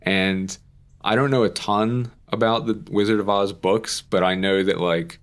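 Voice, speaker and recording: Chatty low-voiced young man co-hosting. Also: fairly even intonation, unhurried. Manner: chatty, rambling, with frequent "like" and casual swearing. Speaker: podcast co-host. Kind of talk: casual chat.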